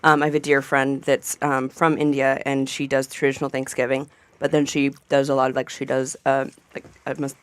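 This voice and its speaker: A woman's voice: rumbling low, little pitch movement, fairly quick, no room sound. A woman chef talking casually on a radio panel, rambling with plenty of fillers. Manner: chatty, rambling with many fillers. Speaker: chef guest. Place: radio studio.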